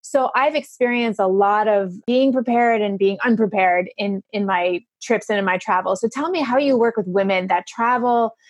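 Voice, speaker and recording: A woman's voice: medium pitch, moderate pace, few pauses, dry recording. A woman in her fifties hosting a casual interview, chatty and self-deprecating, often laughing at herself. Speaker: podcast host.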